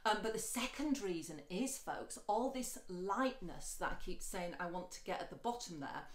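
A woman's voice: expressive, moderate pace, roomy sound. A woman teaching singing, chatty and encouraging, talking straight to the viewer. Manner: switches between speech and light, high sung lines. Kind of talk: singing lesson with sung demonstrations.

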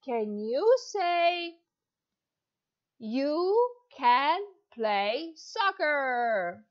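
A woman in her thirties, an ESL teacher, giving a demo online lesson to a child with slow, exaggerated, encouraging speech and lots of praise. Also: high voice, very animated, highs cut off. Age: 30s.

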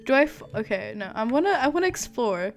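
A young woman giving excited, chatty commentary while streaming a video game for the first time. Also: on the high side, fast talker. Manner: excitable, exclaims and laughs a lot. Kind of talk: casual live gameplay commentary. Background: faint game music.

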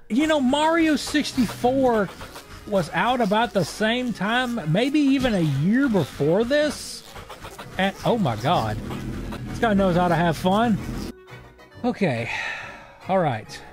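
A man's voice: high-pitched, sing-song, takes it slowly, long pauses, soft background music. A young man streaming a video game, delivering sarcastic, profane, wisecracking commentary as he plays. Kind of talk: let's-play commentary.

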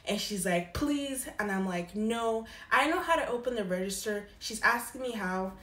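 A woman's voice: moderate pace, roomy sound. A young woman telling a casual storytime about a past job, acting out what people said with big jumps in her voice. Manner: animated, quoting people with lively pitch jumps. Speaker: storyteller vlogger.

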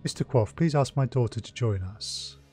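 A man's voice: medium pitch, expressive, a little mellow, breathy edge, soft background music. Icy elf patriarch in a video game, formal and controlled, read by a man. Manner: icy, measured and commanding. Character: cold, formal, wealthy elf father.

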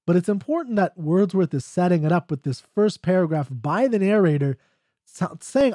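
A man's voice: high voice, lively intonation, moderate pace, mellow, no room sound, clean studio sound. A man explaining a poem in a casual lecture, loose and jokey, checking in with "right?" as he goes. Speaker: literature teacher.

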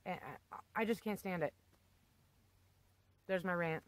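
A woman's voice: on the low side, measured pace, long pauses, low-quality recording. A woman vlogger ranting casually to camera, blunt and rambling, with casual swearing and emphatic asides. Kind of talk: casual unscripted rant to camera.

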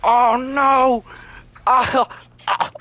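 A man voicing a panicking American soldier in a game roleplay. He shouts in a high, strained voice. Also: flat delivery, extremely slow, no echo, full character voice. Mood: panicked. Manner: shouting, frantic, high-pitched yelling. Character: panicking young American soldier, frantic and loud.

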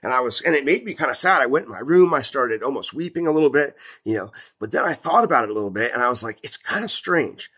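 A man in his late thirties with a husky, breathy voice, telling a personal story to camera. He rambles loosely and repeats himself with plenty of fillers, at an ordinary middle pitch. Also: animated, fast talker, hardly any pauses, bright, forceful tone. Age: 30s. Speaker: Christian video host. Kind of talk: casual spoken testimony.

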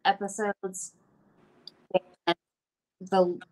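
A woman's voice: medium pitch, little pitch movement, drawn-out words, a little mellow, low-quality recording. A woman hosting a casual live-streamed talk about her daughter, speaking in a rambling way with many restarts. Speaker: host, mother.

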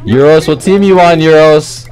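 A young man commenting on his own gameplay, talking in slangy, excitable, rambling trash talk. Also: on the high side, moderate pace, a crowd in the background. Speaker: gaming YouTuber.

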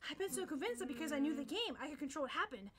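A woman reading a light novel aloud, expressive and stopping to comment. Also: sits high, racing, a crowd in the background. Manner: expressive, reacting between passages. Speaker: book reader.

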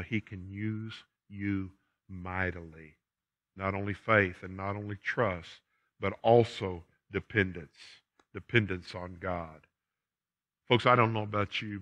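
A man's voice: fairly low pitch, sharp tone. A man preaching a sermon to his congregation in a church, emphatic and repeating key phrases. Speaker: pastor. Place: church sanctuary. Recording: dull lo-fi church recording.

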